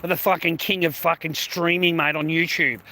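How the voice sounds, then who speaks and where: Male live streamer, outdoors in the city, profane and mocking toward his chat; high, sharp voice. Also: flat delivery, normal speed. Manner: profane, sarcastic, confrontational.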